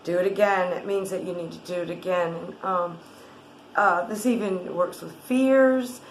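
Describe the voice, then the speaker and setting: A woman guiding a tapping exercise in a gentle, rambling way, with many fillers and restarts. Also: medium pitch, moderate pace, echoey room, slight background noise, poor audio. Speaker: wellness guide.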